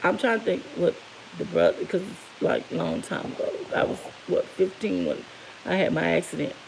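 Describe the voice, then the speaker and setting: A woman's voice: on the low side, sing-song, normal speed, vocal fry, a little mellow, a little hiss or hum, rough recording. A middle-aged woman candidly telling viewers an emotional personal story, tearful at moments. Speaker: vlogger.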